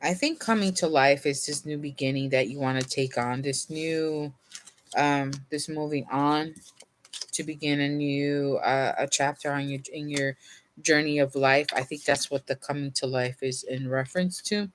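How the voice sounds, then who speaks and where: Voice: medium pitch, steady tone, normal speed, slight background noise. A tarot reader doing a casual reading to camera, yawning and sleepy, rambling with fillers and small laughs, and sometimes reading card meanings aloud from a guidebook.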